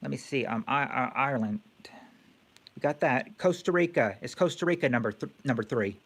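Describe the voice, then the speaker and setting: A man's voice: mid-range voice, lively intonation, fast talker, slight background noise. A man hosting a casual live-stream quiz game, thinking aloud with many fillers and restarts.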